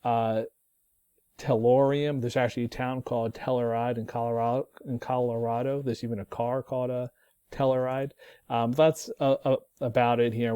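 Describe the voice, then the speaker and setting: Guy teaching chem, mellow low-key voice, lots of ums, super dry close mic. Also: clear, resonant tone, no echo. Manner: relaxed, thinking aloud with many ums and restarts. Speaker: chemistry teacher. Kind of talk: recorded classroom lesson.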